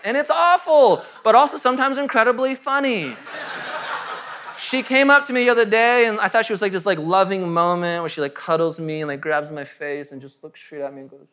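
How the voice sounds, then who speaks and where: A man's voice: high voice, brisk, pushed and bright, a little hiss or hum. A man in his thirties, a pastor, preaching a sermon to a live congregation in a conversational, self-mocking way with asides to the room.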